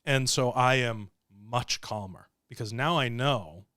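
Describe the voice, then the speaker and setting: Animated, profane man telling a story. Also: medium pitch, unhurried, no echo, studio quality. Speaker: show host. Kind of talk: livestream storytelling.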